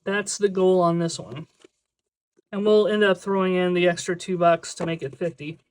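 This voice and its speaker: In a laid-back budgeting vlog, the creator counts cash aloud and talks to themself in a mid-range, fairly flat-pitched voice. Every so often they lapse into a drawn-out, sing-song tone.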